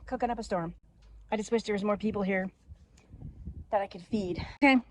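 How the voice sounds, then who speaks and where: A woman's voice: mid-range voice, brisk, slight background noise, rough recording. A woman hosting a casual cooking vlog outdoors, chatting and thinking aloud as she cooks. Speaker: cooking vlogger. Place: outdoors by a camper.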